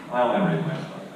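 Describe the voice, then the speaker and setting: A man in his fifties telling laid-back, self-deprecating stories as a convention panel guest. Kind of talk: relaxed anecdotal storytelling. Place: large convention hall. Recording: distant, echoey hall with ambient noise.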